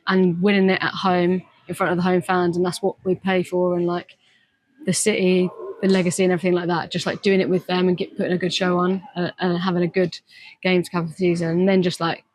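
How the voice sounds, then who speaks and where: Flat-voiced woman footballer rambling. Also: fairly low pitch, a little fast, a little hiss or hum, poor audio. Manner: rambling, with many "just, like" fillers. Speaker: footballer being interviewed. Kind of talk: casual interview answer.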